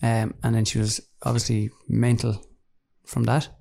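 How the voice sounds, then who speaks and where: A man co-hosting a casual true-crime chat, explaining his theory in a steady, matter-of-fact way. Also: medium pitch, unhurried, creaky. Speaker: podcast co-host.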